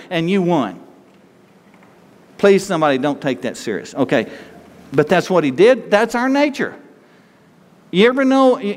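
A man's voice: fairly high pitch, big-room sound. A man preaching a sermon to his congregation in a folksy, joking manner, talking straight to the people in front of him. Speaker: pastor.

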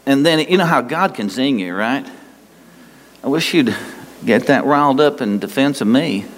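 A man preaching a sermon as pastor, animated and conversational, with asides. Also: medium pitch, normal speed. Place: church sanctuary. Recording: long reverb of a large hall.

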